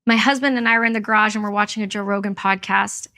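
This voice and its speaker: A woman's voice: medium pitch, fairly even intonation, fast, pushed and bright. A woman from Canada, a veteran and guest, telling a personal story in an interview, candid and blunt.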